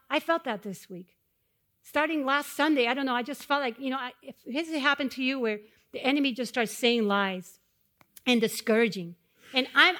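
A middle-aged woman preaching a sermon, telling personal stories to the congregation and swelling louder on key phrases. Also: high-pitched. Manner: personal storytelling addressed to a congregation.

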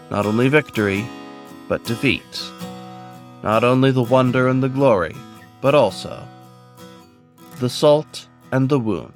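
Earnest male host over soft guitar. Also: mid-range voice. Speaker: podcast host. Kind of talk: scripted introduction.

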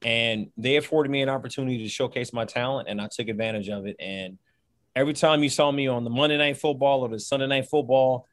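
A man, a former football player, talking in an animated and emphatic way during an interview. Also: mid-range voice, fast talker, no echo. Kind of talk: interview conversation. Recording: dry close sound.

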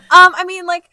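A woman co-hosting a casual brainstorming chat, playful and quick to joke. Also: extremely high pitch, pushed and bright, no echo.

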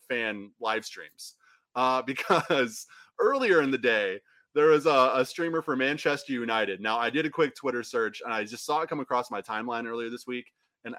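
A man co-hosting a soccer podcast, rambling in a casual chat with frequent restarts and quick laughs. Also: medium pitch, fairly bright tone, dry recording. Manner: rambling, restarts often, laughs between phrases. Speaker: podcast co-host.

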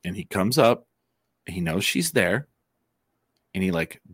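A man co-hosting a casual podcast chat, telling stories in an animated, profane way. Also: deep voice, slow pace, slightly rough, no room sound, studio quality.

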